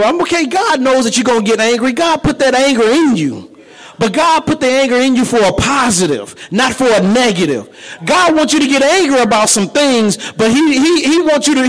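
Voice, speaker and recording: A man preaching a sermon, turning his talk to the congregation and building up to shouting. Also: very high-pitched, long reverb tail, poor audio.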